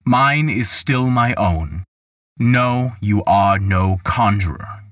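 A man's voice: on the low side, takes it slowly, fairly bright tone, no echo, clean studio sound. A man voicing a young male charcoal burner, speaking earnestly. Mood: defiant.

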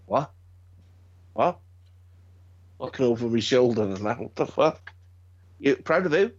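A middle-aged man, chatting casually as a podcast co-host and telling stories in an animated, sweary way. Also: medium pitch, measured pace, pauses often. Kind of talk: casual chat. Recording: dull lo-fi sound.

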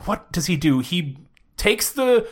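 A man's voice: high voice, sing-song, slow. A young man co-hosting a casual podcast, retelling TV scenes and mimicking the lines with laughs. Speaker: podcast co-host. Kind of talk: casual chat.

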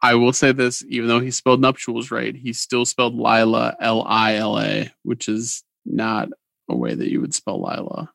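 A man's voice: mid-range voice, moderate pace, gravelly, fairly bright tone, no echo. A man co-hosting a podcast, chatting casually as he reviews and scores a TV episode. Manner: laid-back, conversational, gives scores. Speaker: podcast co-host.

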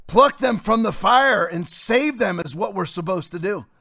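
High-pitched fiery preaching man. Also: animated, vocal fry. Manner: forceful, rising to shouts, rapid scripture quoting. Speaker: pastor. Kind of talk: fiery preaching on a talk show.

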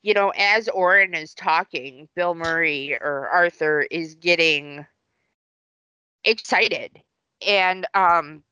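Podcast co-host, woman, lowish bright voice, chatty rambling film recap. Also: slow pace, smooth, dry recording. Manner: rambling, lots of fillers and restarts while retelling a plot.

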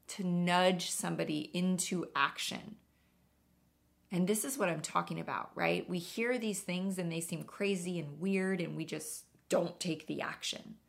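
A woman hosts a podcast and tells stories casually, with earnest emphasis. Her voice is lowish, with a lot of gravelly fry in it. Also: steady tone, takes it slowly, a bit bright. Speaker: podcast host. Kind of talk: casual storytelling monologue.

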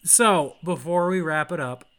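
A man co-hosting a podcast in casual movie chat, with dry, deadpan humor. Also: a little high, measured pace, clear, resonant tone. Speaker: podcast co-host.

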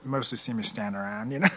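A man's voice: medium pitch, bright, forceful tone, a little hiss or hum. A young man from Venezuela co-hosting a comedy podcast, bantering in crude, joking casual chat. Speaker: podcast co-host.

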